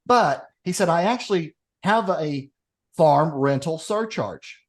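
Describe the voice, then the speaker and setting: A podcast co-host with a fairly high voice speaks slowly as he tells a long joke in casual chat. He's an animated storyteller, acting out each of the characters.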